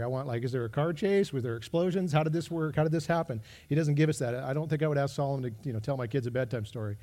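A middle-aged man preaching a sermon in a conversational, animated way, acting out his own exclamations and asides. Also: mid-range voice. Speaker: pastor.

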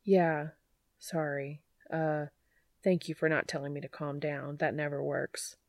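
A woman voicing an anxious grown man whose speech comes out rushed and rising as he rambles through his worries. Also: sits low, flat delivery, no echo, studio quality. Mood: shaky relieved.

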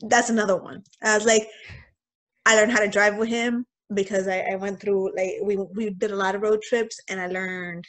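Casual, animated storytelling from a young woman co-hosting a podcast. She talks in a relaxed conversational way, looping back with little fillers as she goes. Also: medium pitch, moderate pace. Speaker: podcast co-host. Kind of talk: casual chat.

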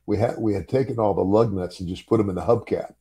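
A man's voice: on the low side, fast talker, warm tone, slightly rough. An older man and former wrestler telling a story in casual chat, chuckling often and repeating words as he goes.

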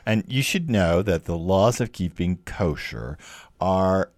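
A man co-hosting a casual chat, explaining things in a teasing, lively way. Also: sits low, slow, no room sound, clean studio sound. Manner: teasing, explanatory, animated when storytelling. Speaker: podcast co-host. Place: home in rural New England.

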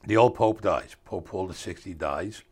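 An older man with a deep voice tells a story a little slowly as a guest in an interview. He's streetwise and rough in his grammar, performing the voices of the people he quotes.

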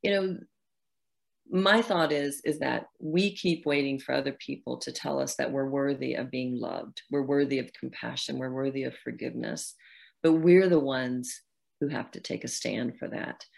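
A woman's voice: rumbling low, moderate pace, vocal fry. A middle-aged woman, a guest author in an interview, talking earnestly about her own healing and acting out her inner dialogue. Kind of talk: reflective interview talk.

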